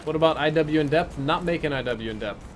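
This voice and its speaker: A man's voice: fairly high pitch, a little fast, slight background noise. A man giving casual live-stream commentary as he plays, chatty and answering chat between plays. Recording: game gunfire under the voice.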